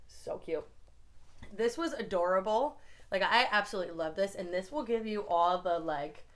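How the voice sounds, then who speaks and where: A woman's voice: on the low side, moderate pace, a bit bright. A young woman from the United States reviewing books in a casual vlog, chatty and gushing, with lots of "like" fillers. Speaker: book reviewer. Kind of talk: casual book recommendation vlog.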